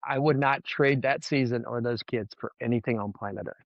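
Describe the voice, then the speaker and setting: A man's voice: mid-range voice, a little fast, no room sound. Former ball coach guy telling stories on a podcast, earnest and emotional, kinda dull dry sound. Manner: earnest, emotional storytelling with repeated words. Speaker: former college baseball head coach, guest. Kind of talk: podcast interview storytelling.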